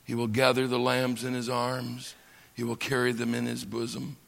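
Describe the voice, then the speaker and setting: A man from the United States teaching a lecture on scripture, slow and emphatic, pausing for effect and building his lines up. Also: mid-range voice, monotone, vocal fry, fairly bright tone. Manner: slow, emphatic delivery with dramatic pauses and swells. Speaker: Bible teacher. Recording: long reverb of a large hall.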